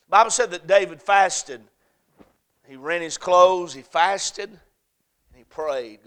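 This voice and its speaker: Male preacher, high and bright, smooth tone, builds to loud peaks and falls to a hush, repeats phrases. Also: takes it slowly, long pauses. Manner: swings from loud emphatic peaks to soft, hushed lines. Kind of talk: sermon.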